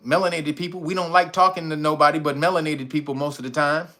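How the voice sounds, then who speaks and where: A man's voice: fairly high pitch, fairly even intonation, quick pace, pushed and bright. A man hosting a casual commentary monologue, blunt and profane, laughing often. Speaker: channel host.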